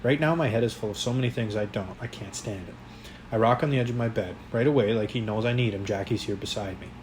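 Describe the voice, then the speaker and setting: A man narrating a first-person novel in a quiet, measured way, with occasional slips. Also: lowish voice, a little hiss or hum, low-quality recording. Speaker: audiobook reader.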